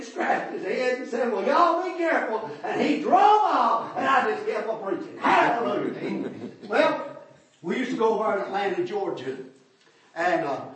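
An older man, preaching a folksy testimony sermon in a church, storytelling that rises to shouts. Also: sits high. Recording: echoey hall, far from mic.

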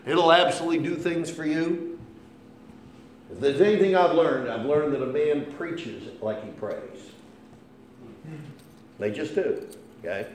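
A man preaching a sermon with impassioned delivery, swinging between hushed and loud. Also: on the high side, unhurried, pauses often. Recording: echoey room, faint hum.

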